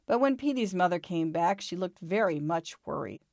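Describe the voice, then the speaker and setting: A woman reading a children's storybook aloud in a calm, expressive way. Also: lowish voice, moderate pace, vocal fry, no room sound, clean studio sound.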